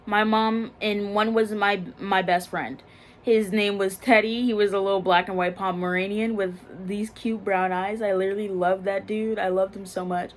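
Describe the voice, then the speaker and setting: A young woman telling a personal story in a casual, halting way, full of fillers and restarts, often subdued. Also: medium pitch, fairly even intonation, a little hiss or hum. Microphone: phone.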